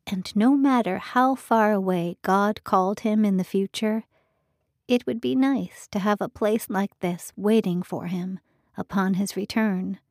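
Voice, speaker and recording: Woman, audiobook narrator, measured storytelling, mid pitch, dry close studio. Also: darkish tone, no room sound.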